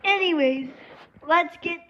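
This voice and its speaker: A woman's voice: extremely high pitch, unhurried, bright, forceful tone, highs cut off. A woman vlogging casually at a table at home, rambling and saying "anyways" between thoughts. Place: at a table indoors.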